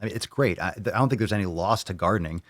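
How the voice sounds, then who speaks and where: Male fitness host, very deep voice, dry close sound, blunt, profane, opinionated, live Q&A. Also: very fast, a bit bright, dry recording. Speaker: fitness channel host answering viewer questions.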